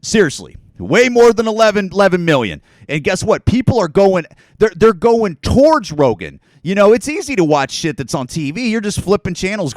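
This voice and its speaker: With a high-pitched, darkish voice and no echo, a man goes on a casual solo rant as a podcast host. His talk rambles and is full of profanity and sarcasm.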